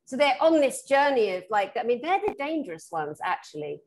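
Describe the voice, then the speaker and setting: A British woman, a spiritual therapist, telling stories in a frank, lively, casual chat. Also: a little high, a little fast. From Britain. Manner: animated storyteller who acts out the people she quotes; frank and blunt, laughs through her stories.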